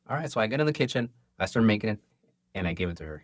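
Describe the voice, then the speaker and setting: Lively low-voiced man telling stories. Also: rapid-fire, gravelly, no room sound, studio quality. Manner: animated storyteller acting out dialogue. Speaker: restaurant owner and cook. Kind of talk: casual interview chat.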